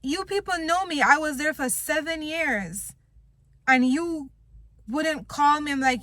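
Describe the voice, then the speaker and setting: A woman's voice: sits high, a little slow, pushed and bright, dry recording. A young woman vlogging, venting bluntly and with plenty of swearing about wanting to quit her job. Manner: frustrated, blunt, swears a lot. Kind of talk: venting to camera.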